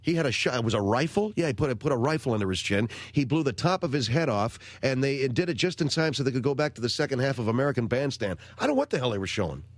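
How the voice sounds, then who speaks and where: A man's voice: medium pitch, sing-song, fast talker, few pauses, dry recording. A man in his forties hosting a talk radio show, telling rambling, wry stories. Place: radio studio. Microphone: close studio microphone.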